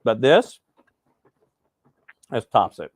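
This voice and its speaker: A man casually chatting while hosting a live breakfast cooking stream, rambling and relaxed with plenty of fillers. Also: mid-range voice, very slow, slightly rough, no echo. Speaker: host.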